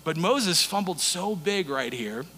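A male pastor delivers his sermon like he's telling a story to friends. His voice sits high and bright. It rings out with a long hall reverb, as if in a church sanctuary. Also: expressive, a little slow, slightly rough. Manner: conversational storytelling preaching.

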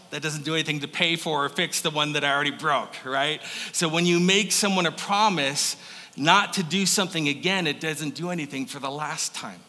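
A man preaching a sermon in an animated, conversational way, often checking in with "right?". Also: fairly high pitch. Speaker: pastor. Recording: echoey hall.

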